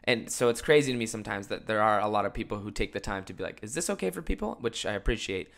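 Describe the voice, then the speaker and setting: A young man hosting his own podcast with a rough morning voice, rambling jokily between loud outbursts and mumbled asides. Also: lowish voice, steady tone, fast talker. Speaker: podcast host. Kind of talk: casual solo podcast chat.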